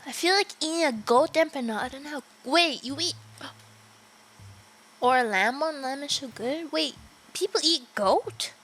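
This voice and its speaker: A woman's voice: high-pitched, measured pace, fairly bright tone, poor audio. A young woman livestreaming a game, chatting casually with her viewers, giggling often and swearing offhandedly. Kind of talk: casual gaming livestream chat.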